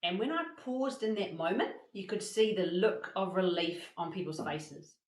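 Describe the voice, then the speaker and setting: A woman presenting a motivational masterclass, telling stories in an animated way and acting out the quotes. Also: fairly low pitch, moderate pace, reverberant, rough recording. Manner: animated storytelling with acted-out quotes. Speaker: workshop presenter.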